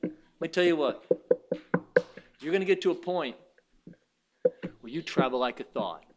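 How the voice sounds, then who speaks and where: A man preaching a sermon, telling stories and swinging from quiet asides to loud, high exclamations. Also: lively intonation, normal speed, a little hiss or hum. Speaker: pastor.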